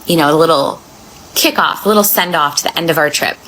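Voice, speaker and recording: A woman vlogger telling a travel story in a casual, sassy, animated way, acting out the other people. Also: low voice, brisk, noisy background. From Miami.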